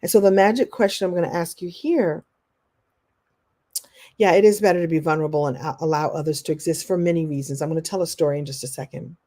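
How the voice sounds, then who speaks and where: Mellow-voiced woman coaching a live class. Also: deep voice, fast talker. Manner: animated, acts out quoted voices; reads and answers viewer comments. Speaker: motivational coach. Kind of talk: live online masterclass.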